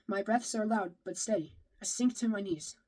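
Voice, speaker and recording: A woman's voice: mid-range voice, normal speed, warm tone, low-quality recording. A woman reading a novel aloud in the first person, now and then stumbling and rereading a phrase. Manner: first-person storytelling with occasional slips and rereads. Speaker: reader.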